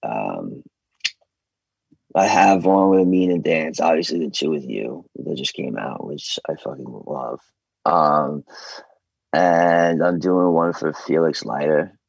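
A deep, husky American man from New York talks in a loose, rambling way, cursing casually as a guest. His voice has a gravelly fry. The recording is dry and close. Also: takes it slowly, no room sound, muffled recording. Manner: rambling, loose, swears freely. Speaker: guest vocalist. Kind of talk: casual interview chat.

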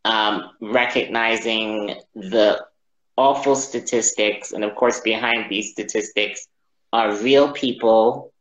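A man telling a personal story as an interview guest, halting and reflective, often repeating his words. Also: fairly low pitch, steady tone, a bit bright. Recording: roomy, dull lo-fi audio.

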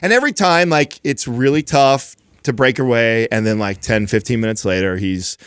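A man in his thirties telling family stories in casual chat as a podcast co-host, animated, with quick bursts and frequent laughs. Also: medium pitch, clear, resonant tone, no room sound, studio quality.

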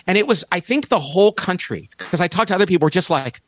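A man's voice: sits high, big pitch swings, quick pace, hardly any pauses, a bit bright, dry recording. A man in his fifties, a podcast guest, telling a story with enthusiasm and emphatic restarts. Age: 50s. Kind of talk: animated storytelling in conversation.

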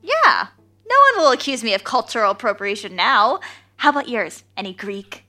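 Uma atriz interpreta uma atriz vaidosa e egocêntrica que narra o seu diário numa comédia em áudio, com voz aguda e muito expressiva. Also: female voice, a little high, very animated, moderate pace, bright, forceful tone, soft background music. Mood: excitable. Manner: breezy, self-centered diary narration. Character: vain self-absorbed actress keeping a diary. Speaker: narrator and lead character. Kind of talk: comedic audio drama.

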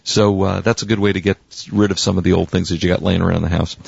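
A man co-hosting a casual radio tech show, pitching products in a relaxed, rambling way, his voice worn out from cheering. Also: quick pace, vocal fry, breathy edge, no echo, lo-fi sound.

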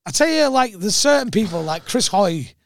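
A man tells anecdotes on a podcast, his voice pitched high and swinging widely as he acts out the people in his stories. The sound is dry and close to the mic, with no room around it. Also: sing-song, normal speed, no echo. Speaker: comedian guest. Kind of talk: casual podcast chat.

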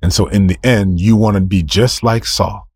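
A man's voice: fairly low pitch, fairly even intonation, moderate pace, darkish tone, slightly rough, no room sound. A male preacher delivering a sermon, emphatic, firing off rhetorical questions, answering them himself and repeating key phrases.

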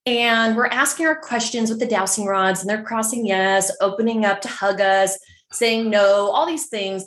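A middle-aged woman from San Francisco, telling a story as a podcast guest in a chatty, animated way full of fillers. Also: mid-range voice, moderate pace, reverberant, a little hiss or hum. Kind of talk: casual storytelling.

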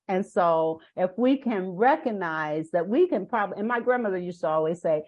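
A woman's voice: mid-range voice, expressive, normal speed, hardly any pauses, a little mellow, highs cut off. An older woman talks as a guest on a parenting podcast. She tells her stories in an earnest, emphatic way and stresses her points with care. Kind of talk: podcast interview.

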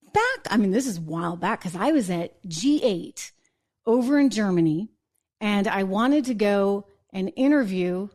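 On her live political commentary show, this host speaks in a mid-range voice with a darkish tone. Her delivery is chatty, full of quick asides and restarts, and she laughs wryly at her own points.

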